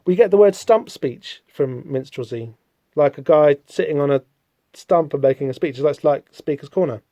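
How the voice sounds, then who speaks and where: A man talks through a comic book on his own podcast, rambling and self-deprecating, often apologising. His voice sits a touch high but sounds dark and mellow. The recording is dry and close, from a home podcast mic. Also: moderate pace, dry recording. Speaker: podcast host. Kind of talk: casual solo comic-book discussion.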